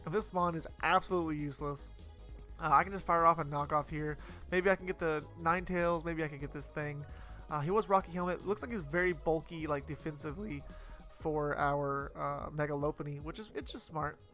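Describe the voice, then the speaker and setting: A young man talks through his own gameplay in a bright, forceful voice that sits a little higher than most men's. He rambles casually, full of fillers and quick self-corrections, with faint music playing underneath. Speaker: competitive Pokemon player commentating his battle.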